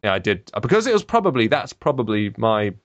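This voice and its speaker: A man's voice: fairly low pitch, very animated, quick pace, no echo, lo-fi sound. A man, hosting a casual podcast chat about games, jokey and rambling through lists. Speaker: podcast host.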